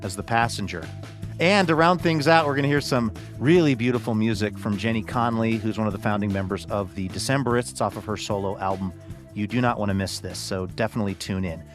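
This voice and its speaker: Man, radio host, scripted links, brisk and upbeat, faint music. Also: fairly low pitch.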